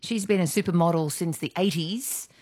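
Low-voiced brisk woman. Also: darkish tone, breathy edge, dry recording, studio quality. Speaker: radio co-host. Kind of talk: casual chat.

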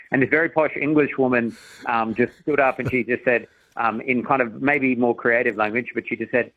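A man's voice: medium pitch, normal speed, lo-fi sound. A man who is a comedian, telling rambling anecdotes on a radio interview and prone to giggling. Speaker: comedian guest.

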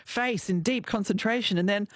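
A woman's voice: medium pitch, moderate pace, no room sound. A woman hosting a radio show, chatting playfully and laughing often. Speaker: radio host. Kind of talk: casual radio chat.

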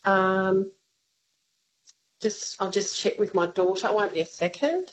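A woman calling in to a radio quiz, speaking in a hesitant, unhurried way and laughing often. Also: medium pitch, lively intonation, a little hiss or hum, low-quality recording. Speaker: caller. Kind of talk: phone-in chat.

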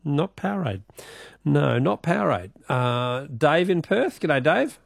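A man's voice: on the high side, sing-song, measured pace, vocal fry, no echo, clean studio sound. A man with an Australian accent hosting a radio quiz, playful and teasing, laughing often. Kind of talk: casual radio talk.

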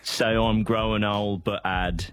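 A man's voice: on the low side, fairly even intonation, unhurried, a bit bright. A man putting on a Cockney accent, reciting a poem as a theatrical working-class poet. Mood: hammy recital. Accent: put-on Cockney.

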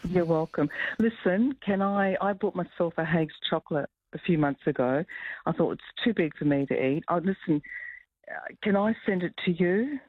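A woman's voice: lowish voice, normal speed, husky, no echo. Woman caller, gushing and friendly, phone-line sound. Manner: effusive, says "mate" and "listen" a lot. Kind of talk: phone-in chat.

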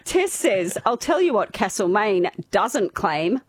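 A woman's voice: medium pitch, sing-song, slow, husky. An Australian woman hosting a casual radio chat, reading out listener texts and laughing often. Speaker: radio host. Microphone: studio microphone.

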